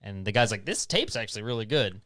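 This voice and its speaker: A man from Maryland with a slight Southern twang, hosting a casual chat and swinging between loud asides and muttering. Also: on the low side, expressive, fast talker, dry recording, studio quality. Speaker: podcast host. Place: home studio.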